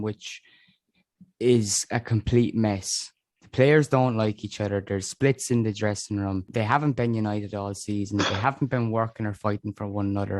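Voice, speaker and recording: A man hosting a casual podcast chat, talking in a measured way with frequent restarts. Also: lowish voice, no echo. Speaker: podcast host.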